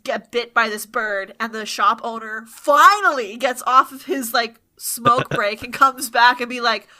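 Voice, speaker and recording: A chatty woman hosting a podcast, recapping episodes with laughs and the odd swear. Her voice sits a bit high and sounds bright and forward. The talk is loose and casual. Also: a little slow. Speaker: podcast host.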